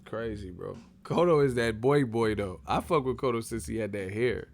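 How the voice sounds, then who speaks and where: A man hosting a boxing live stream, ranting in an animated, profane, laughing way. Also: fairly low pitch, normal speed, vocal fry.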